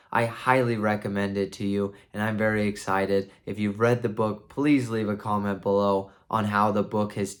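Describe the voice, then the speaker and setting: A man casually and enthusiastically retelling a book for a review, rambling with many restarts. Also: on the low side.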